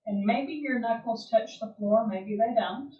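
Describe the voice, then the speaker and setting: A woman teaching a yoga class, giving slow, calm, gentle cues with long pauses between them. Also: a little high. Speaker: yoga instructor. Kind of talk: guided yoga class instruction. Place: home or studio room, livestream. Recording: roomy, distant, dull livestream audio.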